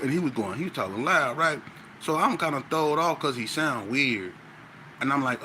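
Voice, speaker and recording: Animated man telling a story, bright voice. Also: mid-range voice, fairly quick, a little hiss or hum. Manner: animated, with frequent "you know what I'm saying". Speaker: podcast guest. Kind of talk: casual storytelling.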